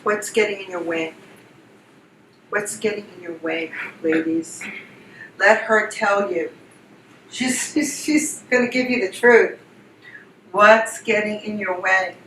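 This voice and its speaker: A woman's voice: mid-range voice, a bit bright, slight background noise. A woman leading a guided group exercise as a workshop facilitator, giving repetitive, soothing coaching prompts. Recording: roomy, distant mic with faint ambience.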